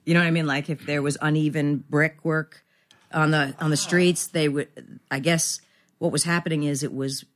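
A woman's voice: low-pitched, flat delivery, normal speed. A woman in her fifties, a guest actress in a casual podcast interview, rambling and self-deprecating with many restarts.

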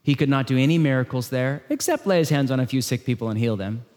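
A man preaching a sermon in a conversational style, swinging between loud emphasis and hushed lines. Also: medium pitch, big pitch swings, quick pace. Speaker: pastor. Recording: long hall reverb.

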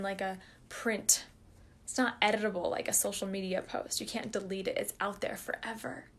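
A woman's voice: mid-range voice, vocal fry. A young adult woman hosting a solo podcast, speaking openly and earnestly and encouraging her listeners. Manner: earnest, open and encouraging, addresses listeners directly. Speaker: podcast host and wellness coach. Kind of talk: heartfelt solo podcast talk.

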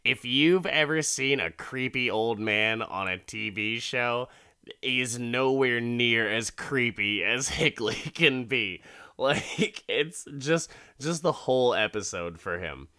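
A man's voice: medium pitch, lively intonation, takes it slowly, bright, forceful tone, smooth. A man rambling through a casual recap of a TV episode, swearing freely and laughing often.

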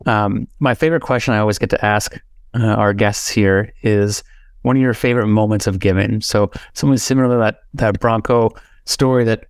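A man's voice: on the low side, fairly even intonation, normal speed, clean tone, dry recording, studio quality. Rambling male podcast host. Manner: warm, rambling, heavy with fillers and restarts. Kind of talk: casual interview chat.

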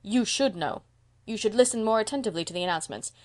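A woman's voice: mid-range voice, lively intonation, fast talker, lightly acted. Woman reading as a bossy older village lady. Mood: stern. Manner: questioning, stern.

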